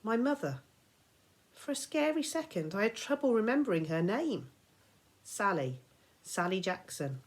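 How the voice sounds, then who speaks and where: A woman teacher reading a children's novel aloud, expressive and dramatic, sometimes dropping to a whisper. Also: fairly high pitch, normal speed. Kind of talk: storybook read-aloud.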